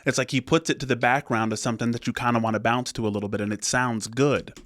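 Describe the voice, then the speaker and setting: A man's voice: mid-range voice, steady tone, quick pace, fairly bright tone, no echo, clean studio sound. A man hosting a music reaction channel, chatting casually to his viewers and often checking in with them. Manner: conversational, often checks in with "right?".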